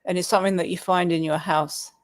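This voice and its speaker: A man's voice: high voice, fairly even intonation, quick pace, no room sound. A man from Suffolk with a Suffolk English accent, co-hosting a casual livestream chat and patiently explaining things with frequent laughs. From Suffolk, England. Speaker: livestream co-host.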